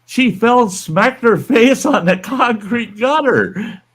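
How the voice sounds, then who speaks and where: A man's voice: very high-pitched, expressive, slow pace, fairly bright tone, breathy edge. An older man hosting a livestream, telling a story in a blunt, folksy, profane way. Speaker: livestream host. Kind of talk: casual storytelling.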